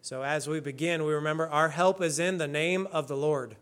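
A male pastor leading worship and preaching a sermon in an earnest, measured way. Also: a little high, steady tone, a bit bright, smooth. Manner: earnest, measured preaching with slow emphatic readings.

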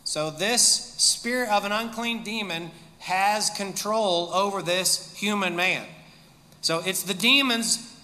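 A man's voice: sits high, pushed and bright. A male pastor preaching a sermon, explaining in detail with dry humorous asides, in a large church hall.

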